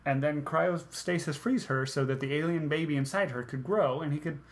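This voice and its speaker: A man with a slightly high voice chats about a film he picks apart. He is sarcastic, mocks the plot, and slips into little put-on voices to replay its scenes. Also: moderate pace. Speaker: podcast co-host. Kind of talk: casual movie review chat.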